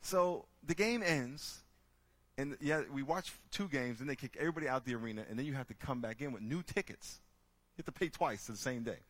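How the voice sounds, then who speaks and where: A man speaking to a group, telling lively stories and acting out the people in them with loud bursts. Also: mid-range voice, fairly quick. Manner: lively, acts out characters with loud shouting bursts. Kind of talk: animated storytelling talk.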